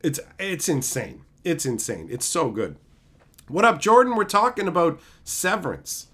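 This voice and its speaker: Male streamer, excitable retelling, voice sits a bit high. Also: unhurried, slightly rough. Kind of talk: casual live-stream review.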